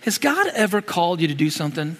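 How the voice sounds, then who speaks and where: A man preaching a sermon in a conversational, animated way, full of rhetorical questions. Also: high-pitched, quick pace, in a large hall.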